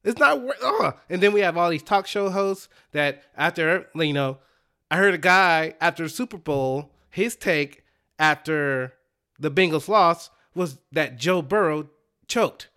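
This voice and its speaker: Podcast co-host, man from Dallas, high bright voice, emphatic ranter. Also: unhurried, clean tone. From Dallas, Texas. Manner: animated, emphatic ranting with laughter. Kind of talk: ranting casual chat.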